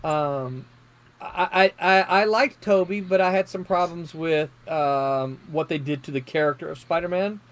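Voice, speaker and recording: A man hosting a casual panel chat, often stumbling and repeating words as he talks. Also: fairly high pitch. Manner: halting, repeats words, laughs easily. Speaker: panel host.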